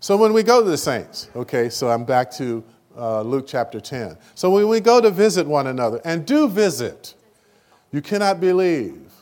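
In a church meeting, a man with a somewhat high voice preaches a sermon, animated and emotional. His delivery surges suddenly louder at times and stumbles over repeated words.

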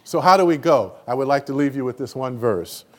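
Guy giving a sermon, gets loud and emotional, stumbles and repeats words, middle pitch. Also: a little fast. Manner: animated, emotional preaching with sudden loud rises. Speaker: preacher.

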